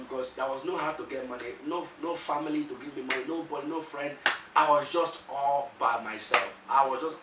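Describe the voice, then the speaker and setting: A man with a Nigerian accent giving an animated motivational testimony as a preacher, often repeating words as he restarts. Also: medium pitch, a little fast, hardly any pauses, noisy background. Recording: echoey room, voice from far off.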